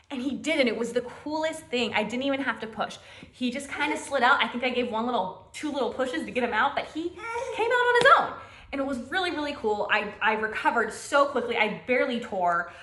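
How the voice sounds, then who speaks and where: A woman's voice: fairly high pitch, sharp tone. A woman in her thirties telling a personal story in a chatty, candid way, laughing often and reassuring viewers. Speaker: mom vlogger. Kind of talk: casual personal storytelling to camera. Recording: echoey room.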